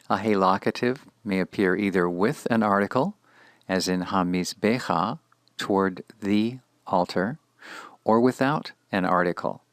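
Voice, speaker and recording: Slow, gravelly low-voiced male teacher. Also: a bit bright, dry recording. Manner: measured, deliberate, repeats Hebrew words for the learner. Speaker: Hebrew teacher. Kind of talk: scripted lesson narration.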